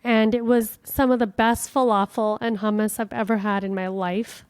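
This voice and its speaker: A woman from the United States hosting a podcast, telling a travel story in a chatty, animated way with casual swearing. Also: on the high side, moderate pace, hardly any pauses, clean tone, dry recording. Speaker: podcast host.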